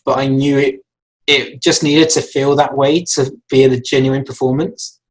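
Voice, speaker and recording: A man's voice: medium pitch, low-quality recording. A man, an animator, explaining his acting choices for a shot in a casual, rambling way with many fillers and restarts. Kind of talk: casual lesson talk.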